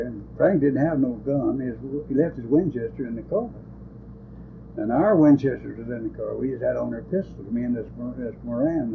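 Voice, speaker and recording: A man's voice: medium pitch, gravelly. An older man, telling rambling, folksy stories from his days as a lawman in an oral history interview. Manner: rambling, folksy, ungrammatical country speech. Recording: tinny lo-fi tape with hiss.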